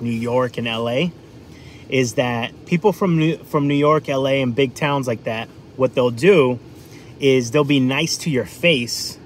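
Speaking in a medium pitch against slight background noise, a New England man chats on his food livestream. He's rambling and chatty, packing in plenty of fillers.

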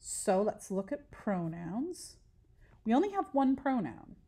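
A woman's voice: a little high, big pitch swings, slow pace, mellow. A woman teacher giving a recorded lesson, patiently explaining step by step and asking questions that she then answers herself.

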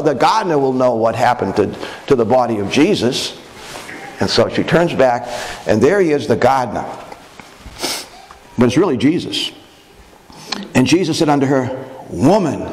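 A man preaching a sermon as pastor, animated, acting out quoted voices with chuckles. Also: on the high side, low-quality recording.

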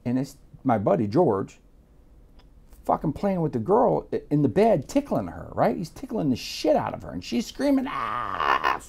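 A slightly high, husky, gravelly voice at normal speed belongs to a middle-aged Miami man telling a casual story on an interview. Streetwise and profane, he throws himself into animated re-enactments of each character's voice.

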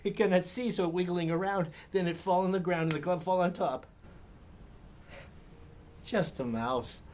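An older man with a Hawaiian Pidgin accent telling a spooky children's story in a theatrical way, dropping to hushed tones and then building up excitement. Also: high-pitched, moderate pace, slight background noise.

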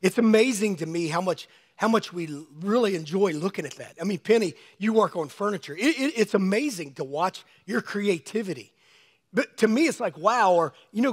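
In a church sanctuary, a high-voiced male pastor delivers a sermon, slightly hoarse because he's losing his voice. He preaches conversationally, addressing congregants by name.

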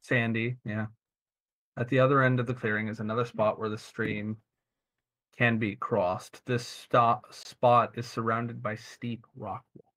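A man's voice: medium pitch, level tone, a little slow, fairly bright tone. A man streaming, reading a text adventure game aloud with playful asides.

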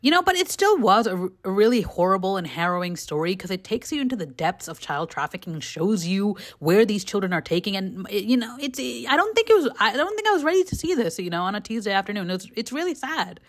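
Young woman, casual vlog chat, candid movie opinions, giggly, filler-heavy, mid-pitched voice. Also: sing-song, quick pace, few pauses. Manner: chatty and candid, with frequent "like" and "you know"; bursts of giggling between opinions. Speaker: vlogger reviewing movies. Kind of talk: casual rapid-fire movie review chat.

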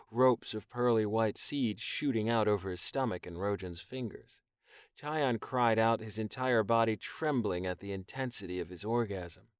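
A man reading an audiobook in even, measured scripted narration. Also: on the low side, no echo, clean studio sound.

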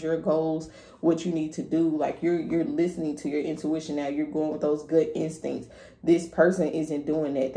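A woman's voice: low voice, dark tone. A woman giving a casual tarot reading in a candid, profane way, hyping up her listener. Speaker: tarot reader. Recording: echoey room with faint noise.

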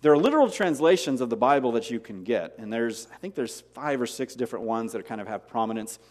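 A man's voice: medium pitch, animated, quick pace, darkish tone, big-room sound. A man preaching a sermon as pastor, asking rhetorical questions and repeating key words for emphasis. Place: church sanctuary.

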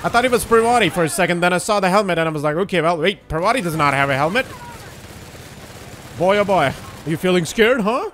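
Excitable swearing young man gaming. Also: high voice, fast, a little hiss or hum. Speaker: gaming YouTuber. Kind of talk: casual let's-play commentary.

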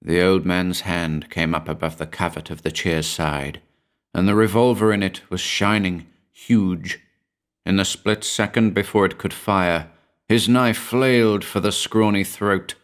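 Man, very deep voice, horror story narration, measured and brooding.

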